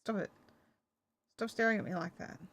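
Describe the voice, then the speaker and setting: A woman's voice: fairly high pitch, normal speed, fairly bright tone. An Australian woman chatting to herself and her dog while knitting in a casual crafting vlog. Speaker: crafting vlogger.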